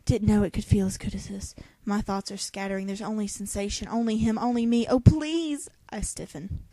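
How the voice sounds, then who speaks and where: A woman's voice: mid-range voice, level tone, fairly quick, dark tone, dry recording. A young woman reading a novel aloud in a dramatic voice, breaking off for sarcastic jokes. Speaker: reader.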